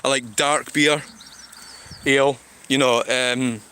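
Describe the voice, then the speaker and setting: Over street traffic noise, a man from Scotland streams as he walks through town, answering chat with rambling, sweary replies. He speaks slowly in a mid-range voice that is steady, bright, forceful, and clean.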